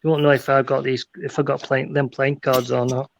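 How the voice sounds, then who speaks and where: A man's voice: medium pitch, little pitch movement, fairly quick, gravelly, noisy background. A man telling rambling jokes and stories in a casual chat, often restarting his sentences. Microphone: phone.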